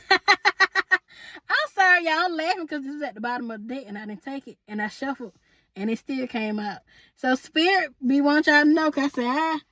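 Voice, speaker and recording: Sassy woman tarot reader with a high voice and a dry, close sound; chatty, pet names for viewers. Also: expressive, normal speed, sharp tone, dry recording. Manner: sassy, chatty, calls viewers honey and boo; laughs often, asks spirit aloud. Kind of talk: casual tarot reading to viewers.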